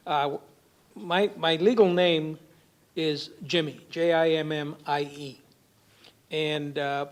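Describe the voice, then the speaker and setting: A man with a fairly high voice tells a funny personal story to a symposium audience. He keeps checking in with a quick "okay?" as he goes. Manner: humorous anecdotal delivery with frequent "okay?" tags. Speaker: panelist. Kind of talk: storytelling panel talk. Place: university symposium hall.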